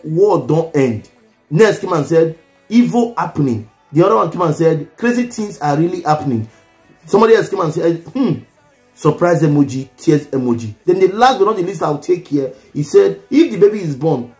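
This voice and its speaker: A man's voice: fairly high pitch, a little mellow. A Nigerian man reading out viewer comments and musing on them in a casual vlog, hesitant, often repeating and restarting words.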